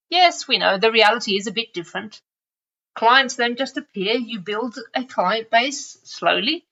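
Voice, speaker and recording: A woman's voice: a little high, animated, moderate pace, bright, forceful tone, lo-fi sound. A woman hosting a solo podcast, chatty and lightly sarcastic, talking straight to the listener. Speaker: podcast host.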